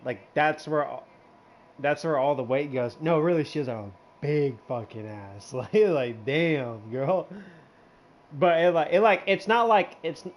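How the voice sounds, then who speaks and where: A man's voice: a little high, animated, a little slow. A young man telling a crude story in casual chat, rambling with many fillers and restarts and laughing often. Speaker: regular in a hangout show.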